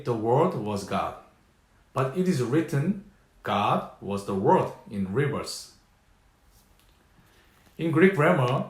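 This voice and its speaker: A man with a Korean accent, a native Korean speaker, teaching a Bible lesson in English, explaining slowly and repeating key phrases. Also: mid-range voice, reverberant. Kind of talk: scripture teaching talk.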